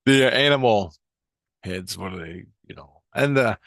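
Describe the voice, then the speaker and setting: A man's voice: fairly low pitch, expressive, unhurried, gravelly, a bit bright, dry recording. A man telling a rambling personal spiritual story in a casual, profane way, often restarting his sentences. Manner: profane, meandering, with frequent restarts. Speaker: spiritual vlogger.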